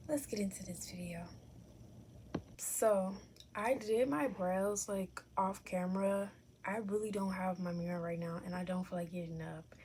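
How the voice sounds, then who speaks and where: A young adult woman makeup vlogger chats candidly through an at-home tutorial, correcting herself along the way. She speaks a little slowly with fairly even intonation and medium pitch, and background noise is audible.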